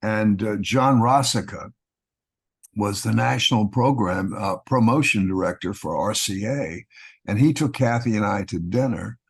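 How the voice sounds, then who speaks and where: Older man telling husky stories. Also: fairly low pitch, unhurried. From Texas. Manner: relaxed anecdotal storyteller, acting out quoted voices. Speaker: guest actor. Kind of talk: storytelling in an interview.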